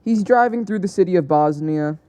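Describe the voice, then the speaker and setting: A man's voice: high voice, a little fast, mellow. A young man narrating an alternate-history map video in a casual, hesitant way, often correcting himself as he goes. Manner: hesitant, self-correcting, chatty.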